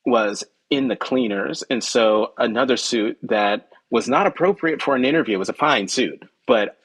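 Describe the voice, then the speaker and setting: A man's voice: normal speed, husky, poor audio. A male journalist, a guest on a podcast, telling a personal story in conversation, acting out quoted dialogue with jumps in his voice and frequent ums. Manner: animated, acts out quoted dialogue with pitch jumps; frequent ums and self-corrections.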